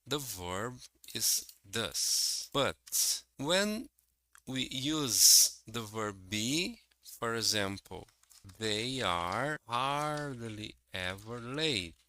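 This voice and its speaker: Male English teacher, very slow and careful, bright forceful tone, walks through examples. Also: medium pitch, expressive, no room sound, poor audio. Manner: slow, careful and explanatory, reading out example sentences. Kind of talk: slow, deliberate grammar lesson.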